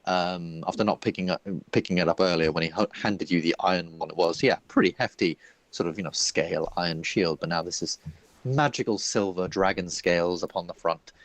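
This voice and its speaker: Lowish-voiced game master. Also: male voice, a little fast, no echo. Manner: chatty, laughing, lots of fillers. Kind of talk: narrating a tabletop game.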